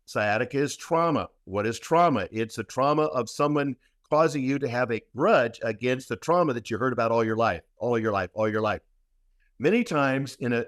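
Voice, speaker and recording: A man telling a long story in a podcast interview, speaking at a middle pitch. He talks emphatically, repeats words for weight and often restarts. His voice is dry and close to the mic. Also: no room sound. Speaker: guest practitioner.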